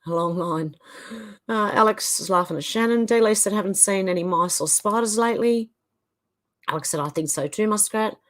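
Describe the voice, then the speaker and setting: A woman's voice: mid-range voice, fairly quick. A woman with an Australian accent, hosting a livestream and casually reading viewers' chat comments aloud in turn. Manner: casual, chatty, reads names and comments in turn. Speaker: livestream host.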